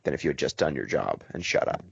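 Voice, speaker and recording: Low-voiced man telling a podcast story. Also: creaky, breathy edge, no room sound, highs cut off. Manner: animated storytelling, quick. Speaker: podcast host. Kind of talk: casual podcast discussion.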